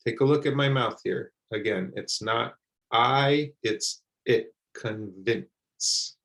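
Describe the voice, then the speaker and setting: Slow, gravelly male pronunciation teacher. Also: medium pitch, a bit bright, rough recording. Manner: repeats words slowly and carefully for learners. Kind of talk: slow, deliberate pronunciation lesson.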